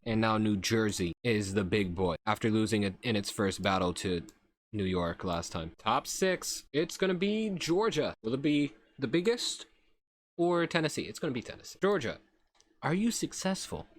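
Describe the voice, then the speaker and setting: A young man giving loose, unscripted commentary over a game. He talks in a sarcastic, self-mocking way and swears freely. His pitch sits in the ordinary middle range for a man. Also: lively intonation, moderate pace. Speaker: YouTube commentator. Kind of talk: casual gameplay commentary.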